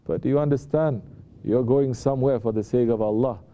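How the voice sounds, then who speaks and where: A man, a sheikh, giving an unhurried sermon and often checking in with his listeners with rhetorical questions. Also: mid-range voice, phone-quality sound, a little hiss or hum. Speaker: sheikh giving a talk at a Sufi lodge.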